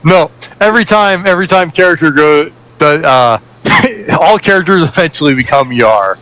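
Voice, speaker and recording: A man running a tabletop game as game master, joking and cutting himself off. His voice sits a touch high and moves around a lot. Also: expressive, moderate pace, a crowd in the background, rough recording. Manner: joking, laughs, self-interrupting.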